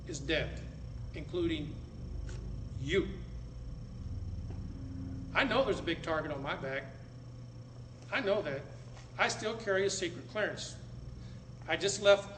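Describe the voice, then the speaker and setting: An American man lecturing a live audience in a blunt, dramatic way, with sudden loud bursts. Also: sits high. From United States. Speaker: public speaker. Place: meeting room with an audience. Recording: echoey room, faint background noise.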